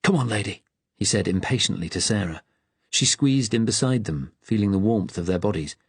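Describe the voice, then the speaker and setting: A man narrates an audiobook in a measured, tense storytelling manner. His voice sits low with a husky edge. The recording is dry and close. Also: expressive, no room sound.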